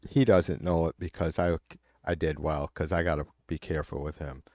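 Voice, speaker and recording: A man with a very deep, slightly mellow voice keeps a steady tone and moderate pace, recorded without echo. Hosting a live stream, he reads viewers' comments and launches into a blunt, heated political rant full of profanity.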